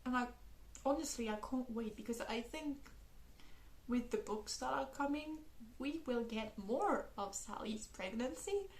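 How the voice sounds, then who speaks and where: Young woman with a french first language, high voice, gushing about a book she loved, lots of laughing, echoey room. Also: measured pace. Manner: gushing, animated, laughs often, swears casually. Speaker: book reviewer. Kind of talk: casual book review vlog.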